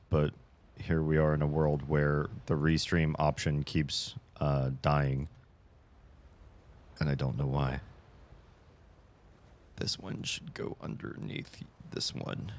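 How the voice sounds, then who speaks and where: A male streamer chatting casually on a livestream, ranting in an animated, exasperated way and reading out chat messages and answering them from his home streaming desk. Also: extremely low pitch.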